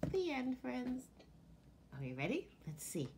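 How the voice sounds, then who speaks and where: Librarian lady doing storytime for little kids, slow and super animated, calls them friends. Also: high voice, slight background noise. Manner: animated, addresses listeners as friends. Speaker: children's librarian. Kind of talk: storytime reading and sing-along.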